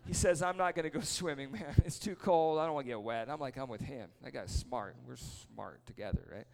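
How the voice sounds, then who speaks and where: A man preaching casually, telling a lively story and then praying over people in a church or meeting hall. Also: mid-range voice, fairly quick, creaky, slight background noise. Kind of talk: sermon with story and prayer.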